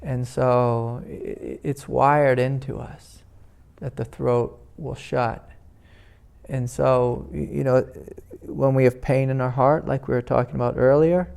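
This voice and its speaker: A man, a spiritual teacher, giving a gentle, rambling talk at a meditation retreat, full of "you know" fillers. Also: mid-range voice, steady tone, takes it slowly, vocal fry, clean tone. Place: indoor retreat meeting room.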